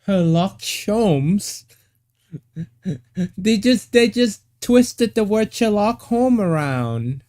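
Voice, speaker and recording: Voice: medium pitch, lively intonation, drawn-out words, mellow. A gaming streamer commenting on a game, repeating words and reading dialogue aloud.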